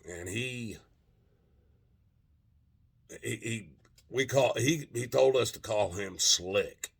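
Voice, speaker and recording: A man's voice: medium pitch, slow pace, vocal fry, breathy edge. A man telling a long personal story in a casual, rambling way, with frequent restarts and plenty of swearing.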